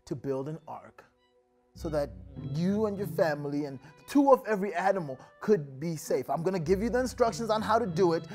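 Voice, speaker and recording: A woman voicing God in a children's Bible story, speaking slowly and gravely in a low, hushed tone. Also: lively intonation, soft background music. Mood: weary, solemn. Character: God, weary stern deity.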